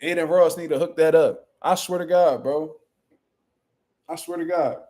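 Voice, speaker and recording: A young man hosts a boxing livestream in loose, casual chat. He talks in a brash, profane, boastful way, rambling from story to story. His voice sits a little higher than most men's. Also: steady tone, normal speed, darkish tone. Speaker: boxing channel host.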